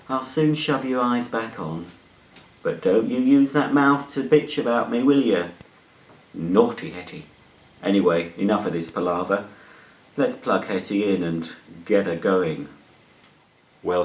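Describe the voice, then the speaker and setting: A man giving a chatty, playful product demonstration with jokey asides. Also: lowish voice. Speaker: product reviewer. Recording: roomy echo.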